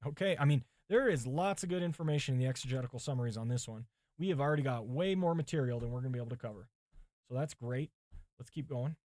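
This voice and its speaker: A man's voice: mid-range voice, fast, darkish tone, dry recording, studio quality. A male pastor preparing a sermon on a livestream, reading commentaries aloud, thinking aloud and chatting with viewers, with his mic set some way from him. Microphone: mic set far from him.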